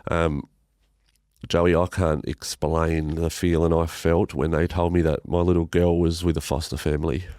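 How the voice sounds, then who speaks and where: Deep-voiced Australian man, halting and raw. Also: level tone, darkish tone, no echo, clean studio sound. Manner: halting, emotional, swears often, many restarts. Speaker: podcast guest. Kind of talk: emotional personal storytelling interview.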